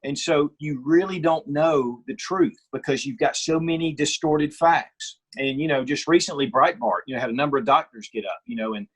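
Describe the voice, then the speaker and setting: Middle-aged male guest, husky, raised voice register, opinionated storyteller. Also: on the high side, moderate pace, hardly any pauses. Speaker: guest, firearms reviewer. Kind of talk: casual interview chat.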